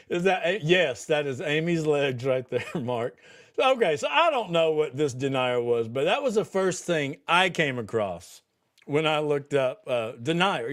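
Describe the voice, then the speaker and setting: A man hosting a podcast livestream, chatting casually with viewers in a rambling way, laughing often and restarting his sentences. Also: a little high. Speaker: podcast host. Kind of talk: casual livestream chat reading viewer comments.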